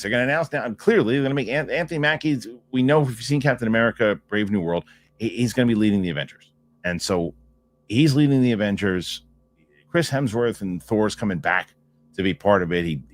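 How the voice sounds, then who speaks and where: A man hosting a live stream, chatting casually and rambling, repeating himself as he reacts to viewer comments. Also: lowish voice. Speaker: host of a film news live stream.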